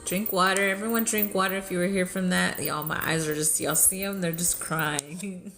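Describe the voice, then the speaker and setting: A woman hosting a live spiritual healing session, chanting in light language and then talking softly and emotionally, often laughing. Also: medium pitch, fairly even intonation, soft background music. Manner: soft, unhurried and tearfully emotional, often laughing.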